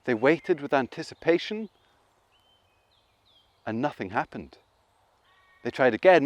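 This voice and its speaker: A man telling a folk tale to children, animated and playful, asking his listeners questions. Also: a little high, normal speed, long pauses, dry recording. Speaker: storyteller. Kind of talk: interactive children's storytelling.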